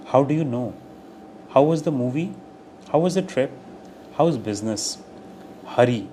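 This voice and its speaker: A man teaching English, reading short everyday phrases aloud one by one in a clear, deliberate way. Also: medium pitch. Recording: steady air-conditioner hum behind voice.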